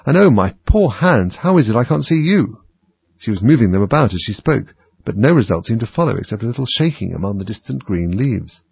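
A man narrating a storybook in a measured, lively way. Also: fairly low pitch, vocal fry, slightly rough, dry recording. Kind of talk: storybook reading. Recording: dull, dry lo-fi recording.

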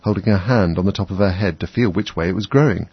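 A man's voice: sits low, fast, husky, dry recording. A man narrating a children's storybook expressively as an audiobook, on a dull, dry recording.

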